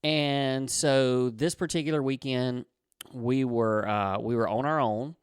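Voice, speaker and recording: A man's voice: mid-range voice, steady tone, unhurried, smooth, no room sound, studio quality. A man in his forties co-hosting a marriage podcast, telling a story in a rambling, casual way and correcting himself often. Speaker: podcast co-host.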